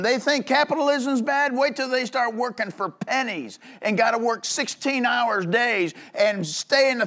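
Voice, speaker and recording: High-pitched fiery male preacher. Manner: emphatic preaching with frequent call-outs for agreement; swings between low rumbling asides and loud high outbursts. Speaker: pastor. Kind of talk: fiery sermon.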